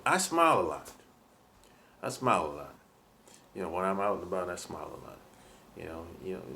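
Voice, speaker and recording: Laid-back low-voiced man giving advice. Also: fairly bright tone, a little hiss or hum. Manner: laid-back, rambling, lots of "you know". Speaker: dating advice vlogger. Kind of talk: casual advice monologue.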